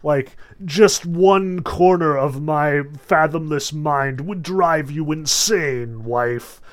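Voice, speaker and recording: A man's voice: fairly high pitch, slow pace. A man voicing a proud, blustering king of the gods, pompous and threatening.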